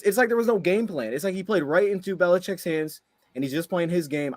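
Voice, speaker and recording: A man's voice: high voice, fast, no echo. A man co-hosting a sports podcast, ranting heatedly after a game and firing off frustrated rhetorical questions. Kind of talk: heated post-game rant.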